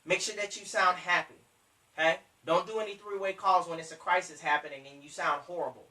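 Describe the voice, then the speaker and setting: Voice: medium pitch, fairly even intonation, brisk, bright, forceful tone, roomy sound, distant mic, poor audio. A business trainer giving motivational sales coaching. They talk emphatically, repeat their points, and speak straight to the listeners.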